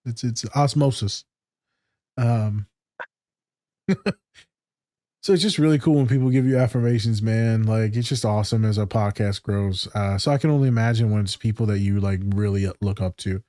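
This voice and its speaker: Warm-voiced excitable man chatting. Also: fairly low pitch, normal speed, no echo, studio quality. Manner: excitable, profane, laughs often. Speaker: podcast co-host. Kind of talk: casual podcast chat.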